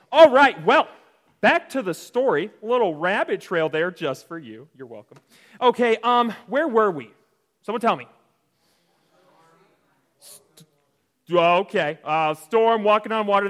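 A man with a high, very lively voice that jumps all over as he teaches a children's Bible lesson. He tells the story in a playful, jokey way and keeps calling on the kids to join in. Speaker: Sunday school teacher.

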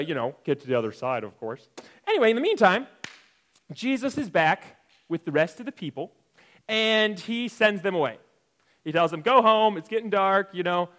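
A man's voice: on the high side, a bit bright. Playful young man teaching kids. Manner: playful, jokey, asks the audience questions. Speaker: children's Bible teacher. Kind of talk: lively kids' Bible lesson.

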